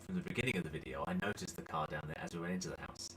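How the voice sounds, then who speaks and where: A man's voice: sits low, racing, a bit bright, slight background noise, poor audio. A middle-aged man, co-hosting a casual Q&A chat in a teasing, joking manner. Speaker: co-host of a dance channel Q&A.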